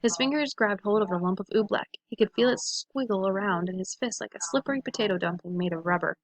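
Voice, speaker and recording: A woman's voice: mid-range voice, fast talker. A woman reading a children's storybook aloud to listeners, giving each character a voice of its own.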